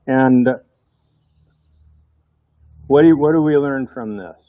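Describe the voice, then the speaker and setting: A man's voice: medium pitch, slow pace, no room sound. Man, preacher, conversational sermon, rhetorical questions to the congregation, dry sound, dull muffled recording.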